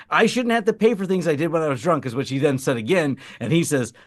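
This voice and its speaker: A man co-hosting a tech podcast, telling a funny story in a casual, animated way and laughing as he goes. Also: on the high side, brisk. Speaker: podcast co-host.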